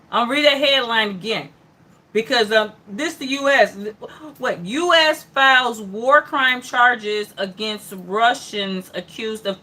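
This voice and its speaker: Bright and forceful, a little high in pitch, this woman runs a casual livestream of headline commentary for an online news hour. Reading stories aloud, she reacts in a relaxed, talkative way, dropping frequent mm-hmms and side comments while greeting viewers and replying to them by name.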